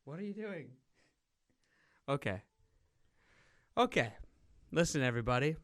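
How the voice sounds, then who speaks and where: A man hosting a radio talk show, bantering casually and rambling in an animated, teasing way. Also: fairly high pitch, a little slow.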